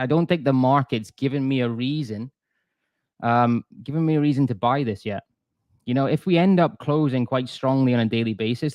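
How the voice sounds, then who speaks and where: A man's voice: medium pitch, darkish tone, no room sound. A man talking casually on a live trading stream, chatty and self-deprecating, full of restarts and asides to viewers. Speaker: forex trader streamer.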